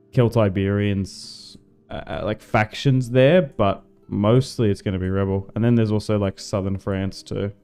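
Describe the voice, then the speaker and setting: Mellow-voiced Australian man streaming a game. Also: fairly low pitch, smooth. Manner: relaxed, chatty, swears casually. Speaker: gaming livestreamer. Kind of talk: casual strategy-game commentary.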